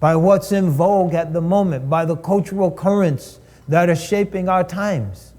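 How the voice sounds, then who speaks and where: A man delivers a lecture in the cadence of a sermon, stacking up repeated phrases to drive each point home. His voice sits high for a man yet sounds mellow and soft-edged. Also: normal speed. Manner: rhetorical, repeats phrases for emphasis. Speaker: speaker at a live-streamed cultural event. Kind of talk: preaching lecture.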